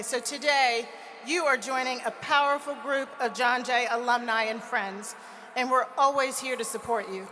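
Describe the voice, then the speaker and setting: A woman's voice: fairly high pitch, pushed and bright. A woman giving a commencement speech, rousing the graduates to cheer and sounding moved. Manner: rousing, calls for cheers, emotional. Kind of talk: commencement speech to a stadium crowd. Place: large stadium with a cheering crowd. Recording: long echo in a stadium, crowd noise.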